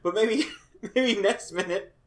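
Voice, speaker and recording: A man's voice: high voice, slow pace, fairly bright tone. A man co-hosting a podcast in casual chat, joking and laughing often. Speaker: podcast co-host.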